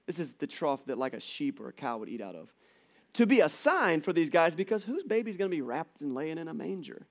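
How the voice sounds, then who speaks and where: A middle-aged man giving a conversational church sermon, telling the story with animated quoted voices. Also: a little high, a little fast. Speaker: pastor. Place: church auditorium.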